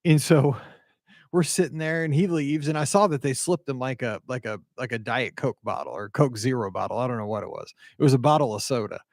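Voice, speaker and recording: A middle-aged man from the American Midwest, hosting a podcast and telling a rambling, animated story full of asides and quoted dialogue. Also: medium pitch, brisk, no room sound, studio quality. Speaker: podcast host. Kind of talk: casual storytelling monologue.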